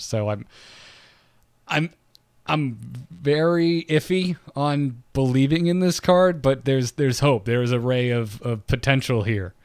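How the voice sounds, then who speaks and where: A man hosting a casual podcast chat about a card game, reading each card's text out in an even, measured way before giving his view. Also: mid-range voice, no room sound. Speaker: podcast host.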